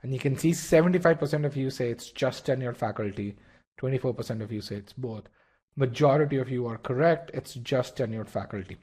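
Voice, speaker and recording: Male test-prep instructor, mid-pitch voice, leading a live webinar, quizzes his audience, often restarts phrases. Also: fairly quick, darkish tone, husky. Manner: asks the audience questions and repeats key points.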